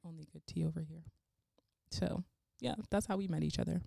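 Low, creaky young woman, bubbly podcast chat. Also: steady tone, brisk, mellow, no room sound, studio quality. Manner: bubbly, giggly, talks in long run-on stretches. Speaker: podcast guest interviewer.

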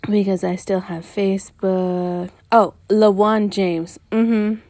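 A young adult woman podcaster, ranting casually and profanely about dating, with lots of swearing and animated jumps in tone. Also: mid-range voice, slow, no room sound.

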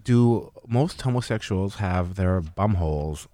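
Low-voiced man teasing his co-host. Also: animated, unhurried, dark tone, no room sound. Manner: teasing, reads sponsor ads. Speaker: podcast co-host. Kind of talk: casual podcast banter.

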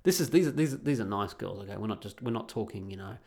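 The voice is fairly low, creaky and a little mellow, with quick pacing and lively intonation. It belongs to a Perth-born Australian podcast host who tells a story from home in a rambling, blunt, crude monologue, restarting often.

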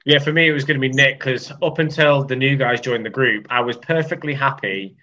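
Joking podcast host, lo-fi call. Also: male voice, medium pitch, brisk, bright, forceful tone. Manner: chatty, jokey, laughs often. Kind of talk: casual podcast chat.

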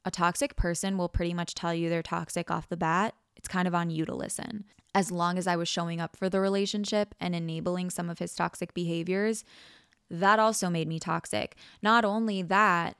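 A woman's voice: lowish voice, fairly even intonation, brisk, fairly bright tone, clean tone, no echo, studio quality. A young woman hosting a podcast, telling a personal story frankly and vividly, acting out quoted lines and swearing casually. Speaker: podcast host.

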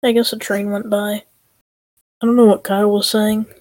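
A woman's voice: medium pitch, flat delivery, moderate pace, darkish tone, no room sound. A woman chatting casually as co-host, offhand and tentative. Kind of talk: casual chat.

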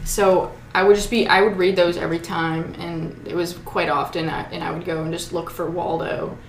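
A young woman co-hosting a podcast, telling chatty, excitable stories to her friends. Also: on the low side, moderate pace. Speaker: podcast co-host. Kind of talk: casual chat. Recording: echoey room with faint noise.

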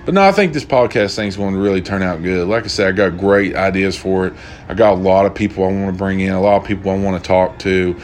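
A man's voice: low voice, fast talker. A young man hosting a casual solo podcast, rambling and swearing freely as he retells stories. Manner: profane, rambling, loose storytelling. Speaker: podcast host.

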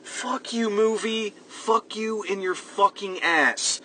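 A man's voice: sits high, takes it slowly, bright, forceful tone, slight background noise, low-quality recording. A man co-hosting a podcast, ranting angrily and swearing as he reviews a movie. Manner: ranting, angry, profane. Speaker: podcast co-host. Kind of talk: casual movie review chat.

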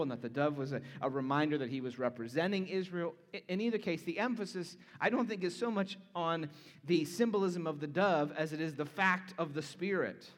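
A man with a high-pitched voice delivers an earnest sermon, now and then falling to a hushed near-whisper for emphasis. His words ring out with a long reverb, as in a large church sanctuary. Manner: earnest preaching, drops to hushed tones for emphasis. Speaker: pastor.

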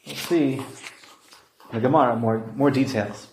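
A man giving a Talmud study lesson, explaining lively and acting out the quoted voices. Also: mid-range voice, moderate pace. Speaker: Talmud teacher. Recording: roomy echo.

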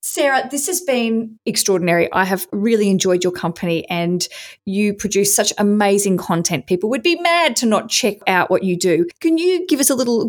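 A woman hosting a podcast, wrapping up an interview with enthusiastic praise and laughter. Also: medium pitch. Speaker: podcast host.

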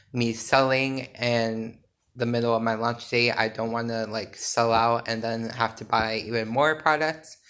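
A man's voice: medium pitch, fairly bright tone. A sleepy man hosting a podcast, giving a casual, rambling solo update with lots of fillers and restarts. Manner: rambling, filler-heavy, self-correcting. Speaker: podcast host and small business owner.

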